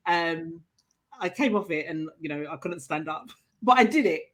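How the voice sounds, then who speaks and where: A middle-aged woman, a coach and trainer, telling personal stories in an interview in an earnest, animated way. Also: fairly low pitch, normal speed. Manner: earnest, animated storytelling with laughs.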